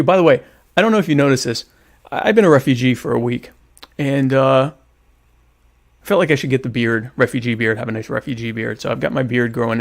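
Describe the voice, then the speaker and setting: A man's voice: medium pitch, creaky. A man, hosting a casual live stream, joking and mock-indignant while he reads chat comments aloud. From United States. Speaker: podcast host.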